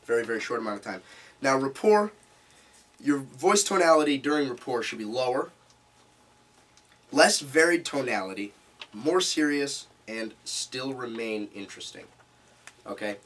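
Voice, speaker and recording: Man, seminar presenter, animated, demonstrates tones, distant mic, faint room noise. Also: medium pitch, normal speed, pauses often. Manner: animated, demonstrates vocal tones while explaining. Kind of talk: live seminar talk to a small group. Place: meeting room.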